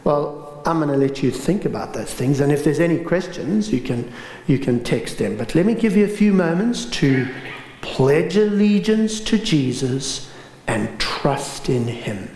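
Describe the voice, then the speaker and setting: A man preaches a sermon with dramatic storytelling, rising loud and then dropping to a hush. His pitch swoops widely. The room adds a noticeable echo. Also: lively intonation, a little slow, slight background noise. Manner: dramatic storytelling, swinging from raised to hushed. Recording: roomy echo.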